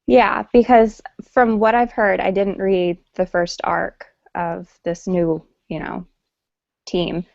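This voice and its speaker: A woman's voice: medium pitch, flat delivery, slow, vocal fry, darkish tone, no room sound. A woman chatting casually about comics on a video call, giving rambling, hesitant opinions. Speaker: panelist. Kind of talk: casual chat. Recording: dull lo-fi online call.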